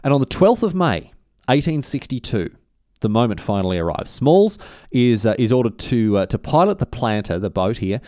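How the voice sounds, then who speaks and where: A man's voice: medium pitch, big pitch swings, normal speed, dark tone, no echo, studio quality. Rambling man telling history. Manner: rambling, filler-heavy, matey retelling with slang. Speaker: podcast host. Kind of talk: casual history storytelling.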